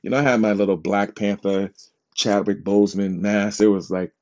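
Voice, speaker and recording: A man hosting his own podcast, telling casual stories in an animated, self-described dramatic way and laughing often. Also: on the low side, normal speed. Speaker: podcast host. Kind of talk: casual storytelling monologue. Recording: dull lo-fi recording.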